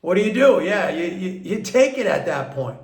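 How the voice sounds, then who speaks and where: A man giving an unhurried, rambling market commentary, often restarting his sentences. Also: sits high, very animated, a little mellow, roomy sound. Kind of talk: casual market commentary monologue.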